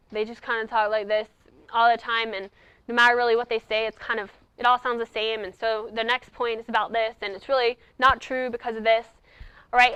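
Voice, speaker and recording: A woman giving a lively speech-coaching talk to debate students at a conference, acting out her examples as she goes. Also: high voice, no echo. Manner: animated, acts out examples. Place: conference presentation.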